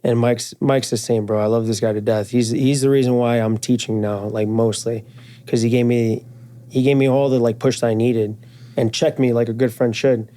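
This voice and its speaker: A man's voice: medium pitch, little pitch movement, normal speed, mellow. A man being interviewed at a trade show, telling stories in casual slang with fillers and swearing, acting out quoted friends in a raised voice. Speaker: guest, firearms and jiu-jitsu instructor.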